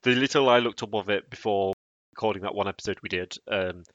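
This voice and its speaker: A man's voice: on the low side, fast, fairly bright tone, no room sound, dull audio. A man co-hosting a podcast in casual chat, blunt and sardonic, swearing freely. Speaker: podcast co-host.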